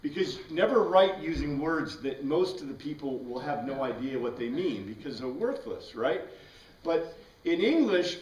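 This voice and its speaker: A man leads a Bible class in an easy, conversational way, tossing questions to his students as he goes. His voice sits a bit high. He is picked up from across an echoey room. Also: distant mic. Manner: conversational, asks the class questions, frequent "right?". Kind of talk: informal classroom lecture.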